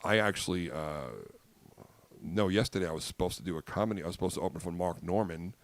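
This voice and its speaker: A man's voice: sits low, fast talker, dry recording. A man hosting a podcast in casual chat, easygoing and rambling with loose restarts. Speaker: podcast host.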